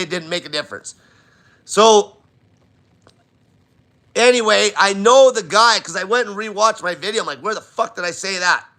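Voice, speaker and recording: A man's voice: high-pitched, pushed and bright. A man hosting a live diet Q&A, talking bluntly and swearing constantly in an emphatic rant. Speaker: diet channel host.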